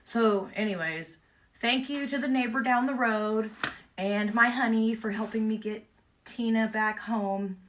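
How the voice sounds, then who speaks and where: A woman, casually telling a lively story and acting out the exchanges she had along the way. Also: fairly high pitch, unhurried, noisy background. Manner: lively, vivid retelling with quoted exchanges. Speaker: emu owner telling a story.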